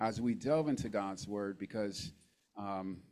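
A man preaches from the pulpit into a handheld microphone, his voice sitting a little low. He draws call-and-response amens from the congregation. He reads out scripture references slowly and says each one twice. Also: a little mellow, rough recording. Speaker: guest preacher. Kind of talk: sermon. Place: church sanctuary.

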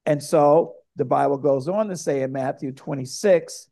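A male pastor preaching a sermon, telling a story in a lively way and speaking straight to the congregation. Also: a little high, normal speed.

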